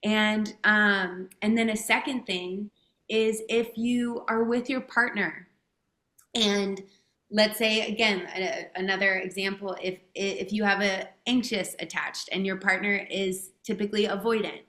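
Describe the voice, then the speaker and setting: A woman's voice: medium pitch, fairly even intonation, unhurried, fairly bright tone, roomy sound. A woman speaking as a guest coach in a podcast interview, talking casually and emphatically and swearing freely.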